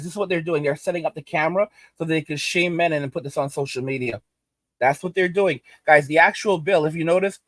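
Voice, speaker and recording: A man's voice: fairly high pitch, fairly bright tone, dry recording. A man hosting a commentary video, ranting indignantly and repeating himself. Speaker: commentary host.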